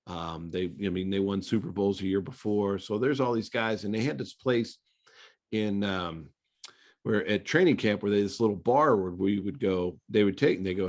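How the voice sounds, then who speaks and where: A middle-aged man, a former pro quarterback, telling stories in a relaxed, conversational interview full of fillers. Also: fairly low pitch, moderate pace. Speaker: former NFL quarterback, guest. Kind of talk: casual storytelling interview.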